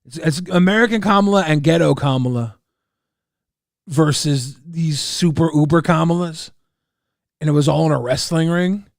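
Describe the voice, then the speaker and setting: A man streaming live, reacting to clips with brash jokes and loud rhetorical questions. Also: on the high side, normal speed, gravelly, dry recording, clean studio sound.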